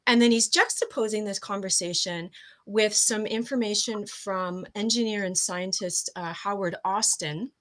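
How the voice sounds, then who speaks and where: A woman's voice: medium pitch, moderate pace, fairly bright tone. A woman speaks in an ordinary middle register as a guest in a casual interview. She explains her ideas at length, stumbling over words and laughing at her own slips. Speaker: guest coach.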